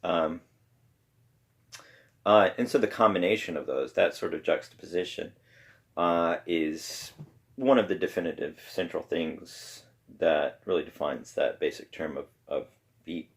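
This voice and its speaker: Male podcast host, very low and gravelly, rambles through a casual talk at home. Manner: rambling, halting with many pauses. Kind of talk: casual solo talk on poetry. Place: home room with pets around.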